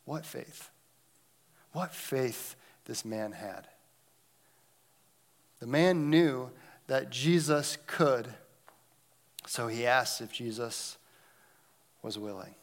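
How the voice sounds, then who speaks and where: A man preaching a sermon, swinging between loud emphatic lines and hushed, almost whispered moments. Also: mid-range voice, very slow, long pauses. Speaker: pastor.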